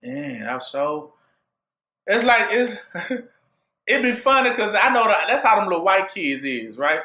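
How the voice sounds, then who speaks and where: High, lively, bright-voiced preacher man. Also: unhurried, reverberant. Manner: animated call-and-response preaching with rhetorical questions. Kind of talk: sermon.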